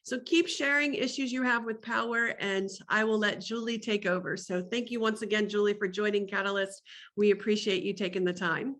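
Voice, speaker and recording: A woman's voice: medium pitch, fairly even intonation, fairly quick, a bit bright. A woman hosting an online session, friendly, reading participants' comments aloud before handing over. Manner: friendly, reads out chat comments. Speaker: host.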